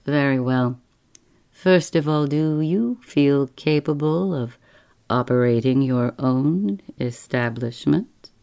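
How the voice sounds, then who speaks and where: A woman voicing a cold, deliberate male employer on the telephone with a clear, thin voice who savors each syllable. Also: very deep voice, warm tone, heavily acted.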